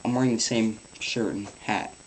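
A teenage boy with a fairly low voice rambles through advice in a home vlog, swearing casually and peppering his talk with ums. A faint hiss of room noise sits under the built-in camera mic. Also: fairly even intonation, moderate pace, low-quality recording. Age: teens. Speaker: vlogger.

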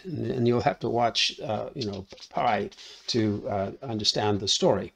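A man's voice: medium pitch, fairly even intonation, a little slow, vocal fry, a bit bright. A man giving a casual spoken film review, recapping the plot and tagging his sentences with "right?" between frequent fillers. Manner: conversational, thinking aloud.

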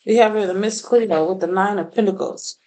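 A woman's voice: medium pitch, fairly quick, dark tone, poor audio. A woman doing a casual tarot reading, blunt and profane, laughing often. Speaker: tarot reader.

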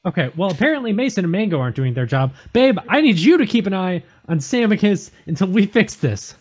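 A player in a tabletop game who talks in a hurried, swearing rush. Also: medium pitch, very animated, a little mellow. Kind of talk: tabletop role-play.

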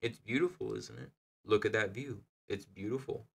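A man reading aloud voices a self-assured, joking father in a storybook, firm and reassuring, with a gravelly, low voice. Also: normal speed, a bit bright. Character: confident, joking family father.

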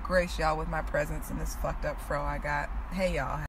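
A woman talking casually into her phone while sitting in her truck and walking outdoors, chatty and animated, swearing freely. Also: deep voice, moderate pace. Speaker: vlogger. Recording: outdoor noise and traffic.

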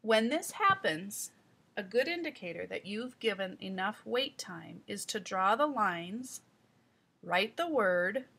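A woman reading teacher giving calm, step-by-step instructional narration. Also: mid-range voice, gravelly, slightly rough. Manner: calm, explanatory, guiding the listener step by step.

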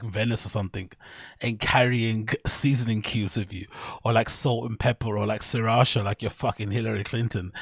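A man hosting a podcast, reacting to a clip in casual, animated commentary full of swearing and mocking quotes. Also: mid-range voice, no echo, studio quality. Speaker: podcast host reacting to clips.

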